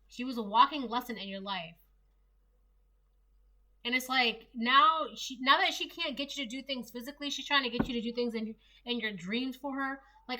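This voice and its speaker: A young woman talks through a tarot reading in a loose, rambling way, full of fillers and restarts. Her voice is bright and clear and sits a little high. She sounds like a casual solo reader chatting to her viewers.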